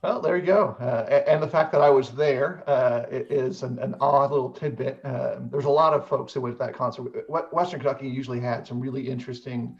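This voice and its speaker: A middle-aged man hosting a casual chat, speaking in a measured way with frequent hesitations. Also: mid-range voice, steady tone. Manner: measured, many "uh" fillers. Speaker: host. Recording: dull lo-fi audio.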